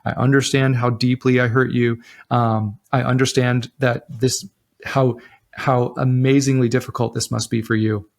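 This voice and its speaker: A man's voice: medium pitch, little pitch movement, normal speed, vocal fry. A man co-hosting a relationship advice talk, speaking earnestly and often restarting his sentences. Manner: earnest, with frequent restarts and repeated words. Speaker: relationship podcast co-host. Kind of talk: casual advice chat.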